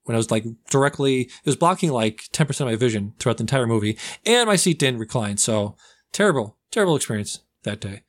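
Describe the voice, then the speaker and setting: Young man, casual podcast host, mid-pitched voice, rambling, jokey. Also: animated, fast. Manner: rambling, with loud comic put-on accents. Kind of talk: casual movie review chat.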